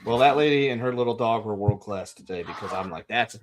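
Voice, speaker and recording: Animated man telling a story on a podcast. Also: fairly low pitch, fast talker, a little hiss or hum. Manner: animated storyteller, acts out quotes. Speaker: podcast co-host. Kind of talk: casual storytelling chat.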